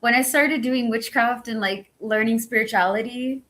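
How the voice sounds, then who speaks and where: A woman reading a spiritual book aloud and chatting between passages. Her voice is squeaky and worn from talking all day, and she swears freely. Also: moderate pace, few pauses, a bit bright, rough recording. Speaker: book-reading channel host.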